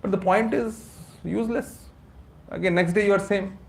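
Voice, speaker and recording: A man with an Indian accent giving a lively lecture to a class, asking rhetorical questions and mixing English with Hindi. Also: sits high, normal speed, vocal fry. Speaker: course teacher at a temple.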